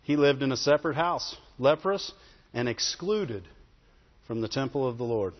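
A man preaching a sermon in an animated way, often asking the congregation questions. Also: medium pitch, normal speed. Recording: dull sound with long hall reverb.

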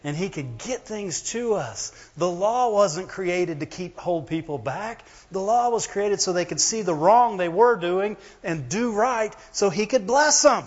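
High-voiced preacher in a reverberant hall. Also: male voice, lively intonation, unhurried, hardly any pauses. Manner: conversational preaching, calls for amens; swings from loud emphatic to quiet and low. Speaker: pastor. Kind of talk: sermon. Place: church hall. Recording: muffled lo-fi recording in a reverberant hall.

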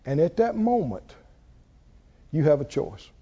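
A man preaching a sermon in a folksy, animated way, asking the congregation questions as he goes. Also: fairly high pitch, unhurried, vocal fry, slightly rough. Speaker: pastor. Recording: dull lo-fi recording.

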